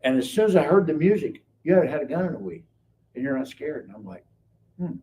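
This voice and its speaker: A middle-aged man on a live stream, telling his life story in casual, animated speech and acting out the people in it. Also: on the high side, fast. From Kansas City area. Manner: animated, acts out quoted dialogue. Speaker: guest telling his testimony. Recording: distant mic with faint background noise.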